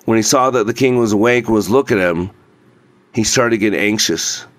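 Male narrator for a folk tale, measured and steady, very dry close recording. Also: lowish voice, no echo. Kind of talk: scripted storybook narration.

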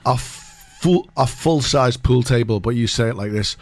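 A man's voice: medium pitch, unhurried, dry recording. A man co-hosting a morning radio show, bantering in an easygoing, amused way in a studio. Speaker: radio co-host.

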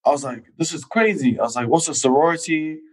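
Lively storytelling man from England. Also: a little high, quick pace, poor audio. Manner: animated, acts out quoted voices. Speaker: guest athlete. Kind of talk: casual storytelling.

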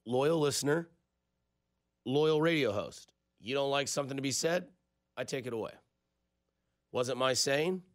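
A man's voice: mid-range voice, lively intonation, unhurried, pauses often, dry recording. A man hosting a sports radio show, casual and jokey, on a close studio mic. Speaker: radio host.

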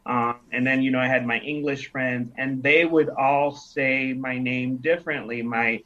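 Man, thirties, from Nigeria, storytelling guest, mid-pitched voice, dull lo-fi sound. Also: fairly even intonation, a little slow, pushed and bright. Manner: reflective storyteller who acts out quoted dialogue. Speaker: interview guest. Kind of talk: casual interview conversation.

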